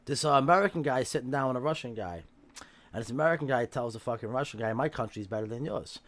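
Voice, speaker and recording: Fast-talking profane man telling jokes. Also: medium pitch, a bit bright, dry recording. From Brooklyn, New York. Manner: rambling, profane, fast storyteller. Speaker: guest. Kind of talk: casual podcast chat, telling crude jokes.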